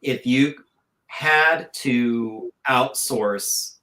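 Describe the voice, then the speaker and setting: Man, podcast guest, bright forceful voice, rambling excited chat. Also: medium pitch, very slow. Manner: excited, rambling, many restarts. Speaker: podcast guest, comic creator.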